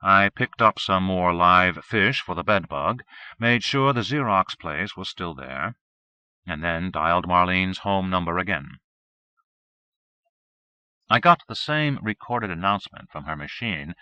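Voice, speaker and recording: Deep-voiced man reading a novel aloud. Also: lively intonation, a little slow, pushed and bright, clean tone, no echo. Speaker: audiobook narrator. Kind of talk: first-person novel narration. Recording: dull 1980s cassette recording.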